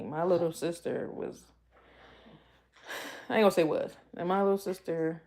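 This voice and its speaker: A woman vlogger in emotional casual talk, halting and tearful, often repeating herself as she speaks. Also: lowish voice, fairly even intonation, mellow. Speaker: vlogger host.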